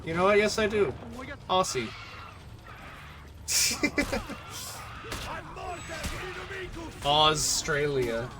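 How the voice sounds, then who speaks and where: A man's voice: sits high, huge pitch swings, drawn-out words, long pauses. A young American man chatting casually on a live stream while gaming, laughing often and answering chat. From United States.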